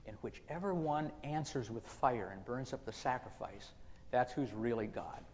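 A man's voice: medium pitch, lively intonation, normal speed, darkish tone, in a large hall, dull audio, slight background noise, natural voice. A man playing a wry, confident prophet. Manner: plain-spoken, teasing.

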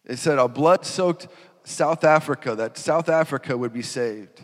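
A man preaching a sermon. He talks in an animated way, laughs, and acts out quotes in sudden loud, high bursts. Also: normal speed. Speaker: pastor. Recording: reverberant hall.

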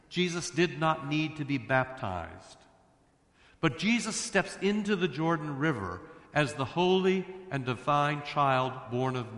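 Emphatic preacher in an echoing church. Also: male voice, fairly high pitch, a bit bright. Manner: emphatic, rising to fervent declarations. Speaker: pastor. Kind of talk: sermon. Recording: echoey hall reverb.

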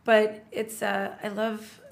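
Middle-aged woman, podcast guest, talkative and enthusiastic, mid-pitched voice. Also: little pitch movement, slow, gravelly. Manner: chatty, restarts often, enthusiastic. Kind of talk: casual podcast conversation.

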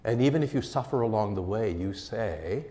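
A man delivers a sermon in a fairly low voice, pressing his points with emphatic swells and quiet drops. The hall around him carries a long, lingering reverb. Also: expressive, normal speed. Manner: earnest, emphatic preaching with swings in loudness. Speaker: pastor.

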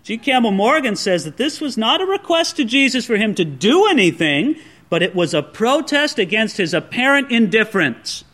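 A pastor preaching a sermon in a conversational way, acting out the quoted speech of others. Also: male voice, sits high, very animated, normal speed, fairly bright tone.

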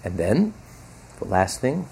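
Gravelly-voiced man giving an emphatic lecture. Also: on the low side, wildly swooping pitch, takes it slowly, dark tone, slight background noise. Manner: emphatic, rhetorical questions and repetition. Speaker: rabbi teaching Torah. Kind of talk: religious lecture.

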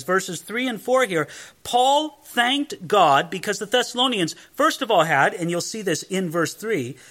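A man's voice: high voice, pushed and bright. A man teaching a verse-by-verse Bible study, explaining emphatically and putting questions to his listeners.

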